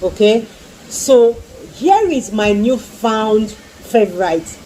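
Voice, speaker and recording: A woman's voice: fairly high pitch, lively intonation, slow pace, mellow, slight background noise, low-quality recording. A woman reviewing skincare products in a casual vlog, gushing and repeating her exclamations and pleas. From Nigeria. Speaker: skincare vlogger.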